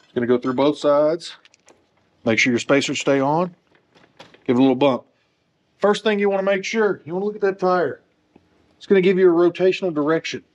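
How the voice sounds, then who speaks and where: A man's voice: on the high side, fairly quick, long pauses, a little mellow, dull audio. A man working as a motorcycle technician, talking through a wheel install in a workshop with joking, self-deprecating asides. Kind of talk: casual how-to tutorial.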